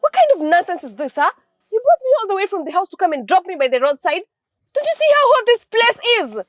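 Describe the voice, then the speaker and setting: Aktorka grająca rozgoryczoną siostrę na wózku, z nigeryjskim akcentem, która zrzędzi bardzo wysokim, żywo skaczącym głosem. Nagranie jest suche, bez pogłosu. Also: female voice, big pitch swings, quick pace, no echo. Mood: angry. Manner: scolding, shrill complaints. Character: bitter sister in a wheelchair.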